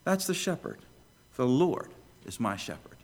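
Animated male preacher, lively swings. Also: unhurried. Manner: animated preaching, swings between loud questions and hushed low lines. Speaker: pastor. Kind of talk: sermon.

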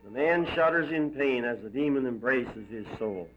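A man's voice: medium pitch, animated, normal speed. A man giving an emphatic, dramatic reading of a moral story. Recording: dull lo-fi recording.

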